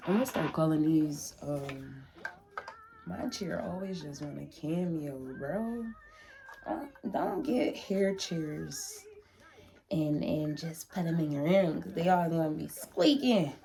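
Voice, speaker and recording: A woman's voice: low voice, slow, gravelly, warm tone. A young woman talking to the camera from her room in a heartfelt, chatty vlog, repeating herself as she speaks. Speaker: vlogger. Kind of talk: emotional casual vlog to camera.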